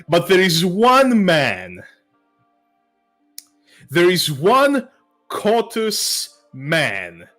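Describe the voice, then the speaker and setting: A man's voice: high voice, sing-song, extremely slow, long pauses, a bit bright, soft background music. A man narrating as game master of a tabletop game, laid-back and joking.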